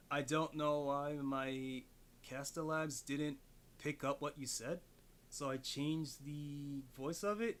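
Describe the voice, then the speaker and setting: A man's voice: a little high, a bit bright. A man streaming from his home desk, rambling and swearing as he thinks aloud, with his mic farther away than usual at an odd angle. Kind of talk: casual live-stream chat. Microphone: desk mic set farther away than usual, at an odd angle.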